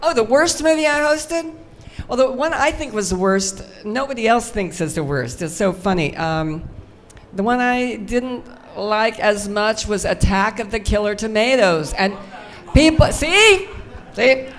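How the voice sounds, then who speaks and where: An older woman speaking into a mic on a convention panel stage. She talks in a chatty, self-mocking way, telling stories to a room of fans. Her pitch sits in an ordinary middle range for a woman. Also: unhurried, slight background noise. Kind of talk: storytelling on a fan panel. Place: convention stage before a live audience.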